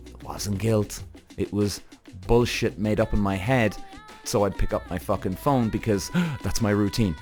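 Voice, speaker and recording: A man hosting a podcast in a casual monologue, animated, swearing freely and acting out his own thoughts. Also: on the low side, measured pace, faint music behind. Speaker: podcast host.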